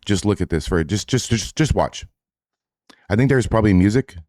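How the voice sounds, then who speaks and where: Blunt, profane low-voiced man. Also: lively intonation, moderate pace, a little mellow, no echo, clean studio sound. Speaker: host reacting to clips. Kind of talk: casual reaction commentary.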